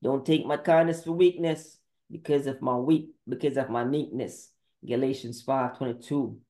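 A man's voice: mid-range voice, fairly even intonation, normal speed, warm tone. A man preaching a sermon monologue, firing off terse Bible verse citations in a confrontational way. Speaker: podcast preacher. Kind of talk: scripture-citing sermon monologue.

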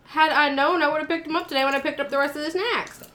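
A woman's voice: high voice, fairly even intonation, fast talker, sharp tone. A woman co-hosting a casual group chat, chatty and laughing often. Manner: chatty, laughs often, lists things eagerly. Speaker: co-host.

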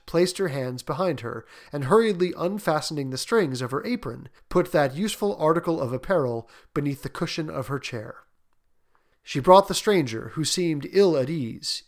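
A male narrator reading a classic story aloud. His voice sits somewhat high for a man, and he keeps the telling even and unhurried. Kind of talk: audiobook narration.

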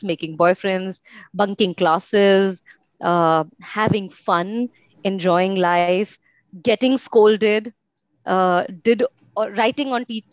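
A woman's voice: medium pitch, no room sound. A young woman from India, a guest in an interview, telling her story reflectively with frequent fillers. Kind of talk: casual conversational interview. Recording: slightly muffled, dry sound.

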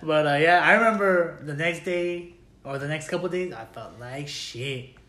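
A man's voice: fairly high pitch, normal speed, bright, forceful tone. A man in casual chat, swearing freely and acting out both sides of his stories. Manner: swears constantly, acts out dialogue in stories. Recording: echoey room.

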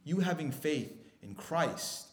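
A man preaching a sermon as pastor, moving between hushed, intimate stretches and loud, excited bursts. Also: a little high, slow, reverberant.

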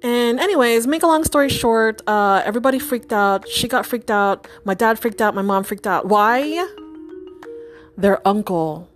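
A woman's voice: fairly high pitch, normal speed, soft background music. A woman telling a personal story in a casual, chatty way, full of fillers and restarts and acting out the voices of the people in it. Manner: animated, chatty, many fillers and restarts, acts out quoted voices. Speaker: storyteller and psychic nurse.

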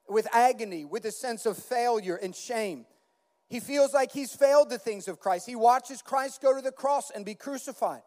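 High-voiced pastor preaching in a hall. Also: male voice, darkish tone. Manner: earnest, dramatizes Bible dialogue with rising intensity. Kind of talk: sermon.

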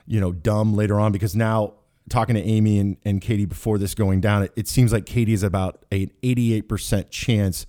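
A fairly low-pitched man in his forties leads a loose, joking podcast chat. He rambles and restarts his sentences as he talks with guests on a call. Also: steady tone, brisk, warm tone. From Kansas. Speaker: podcast host.

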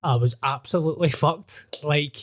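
A man's voice: on the high side, normal speed. A man co-hosting a podcast in casual chat, sweary, blunt and self-mocking. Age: 30s. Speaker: podcast co-host.

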